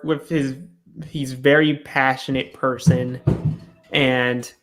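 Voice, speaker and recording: A man's voice: medium pitch, flat delivery, slow pace, fairly bright tone. A man co-hosting a reality show recap in a casual chat, retelling scenes and briefly acting out the cast's lines.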